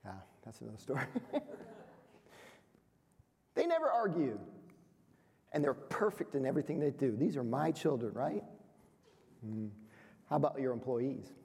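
A man's voice: mid-range voice, big pitch swings, moderate pace, creaky, long pauses, darkish tone. A man in his fifties giving a motivational seminar talk to business owners, playful and self-deprecating, quizzing the audience. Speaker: speaker at a business workshop. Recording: reverberant hall sound.

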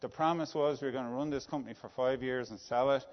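A man's voice: medium pitch, steady tone, fast. A middle-aged Irish man, a business executive, telling a story in a conversational way, often checking in with "right?". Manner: anecdotal, tag questions like "right?". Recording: dull lo-fi sound with long reverb.

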